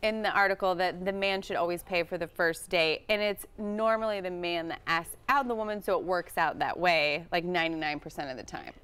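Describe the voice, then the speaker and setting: A woman's voice: lowish voice, fairly quick, few pauses, a bit bright, clean tone. Giggly chatty woman on a talk show. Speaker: guest. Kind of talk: casual talk show chat. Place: TV studio.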